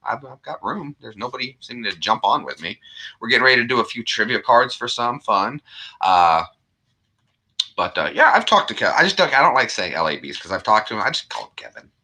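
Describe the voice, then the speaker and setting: A man's voice: medium pitch, very animated, brisk, pushed and bright, breathy edge. A man hosting a casual live stream, rambling and chatty as he greets viewers by name and reads trivia questions. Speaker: livestream host.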